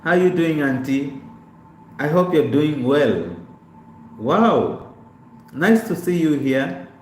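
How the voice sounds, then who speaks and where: Speaking slowly, with a slightly high voice that swings widely in pitch, a young man chats casually on a live stream. He greets viewers by name and repeats himself as he goes through his life story. The recording has an echoey room sound and faint background noise.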